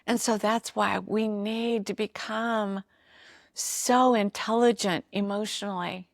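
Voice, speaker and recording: Woman podcast host, earnest and encouraging, unhurried delivery, dry close sound. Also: medium pitch, no echo. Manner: earnest, encouraging, speaks directly to listeners. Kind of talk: motivational talk on emotions.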